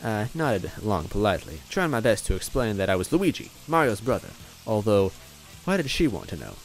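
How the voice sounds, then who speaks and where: A man's voice: fairly low pitch, big pitch swings, brisk. A man narrating a story in first person, breaking in with wry comic asides. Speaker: reader, narrator.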